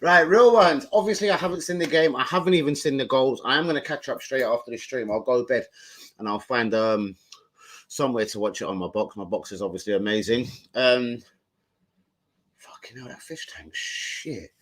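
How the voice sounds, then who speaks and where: A man's voice: medium pitch, normal speed, a bit bright. A young man, swearing and rambling in casual slang as he chats on a live stream from home into his phone. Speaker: football fan streamer.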